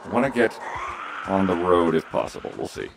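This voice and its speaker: A man's voice: sits low, very animated, normal speed, creaky, far from the mic, background noise. A man streaming a game, chatting and joking with his chat as he plays. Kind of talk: casual gameplay commentary. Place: room at home.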